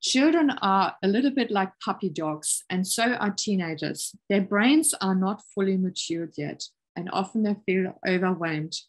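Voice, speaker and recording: A middle-aged woman giving a parenting webinar over a video call, calm and encouraging, explaining with everyday examples. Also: mid-range voice, moderate pace, few pauses, low-quality recording. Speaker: parenting workshop presenter. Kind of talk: webinar presentation.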